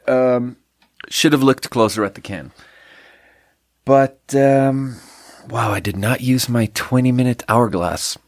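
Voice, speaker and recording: A man's voice: medium pitch, measured pace, no room sound, studio quality. A man hosting a solo podcast, chatting casually in a rambling, self-deprecating way that trails off and restarts. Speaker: podcast host.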